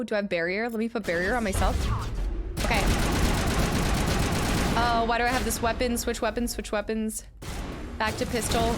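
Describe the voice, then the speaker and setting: A woman streaming a game, chatting casually with her viewers, laughing often and shouting during fights. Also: a little high. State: out of breath. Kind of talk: casual live-stream gameplay chat.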